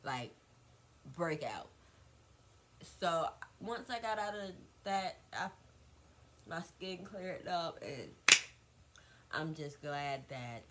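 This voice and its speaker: A young woman vlogger telling a gossipy storytime, animated and repetitive, swearing freely. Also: low-pitched, drawn-out words, long pauses, noisy background.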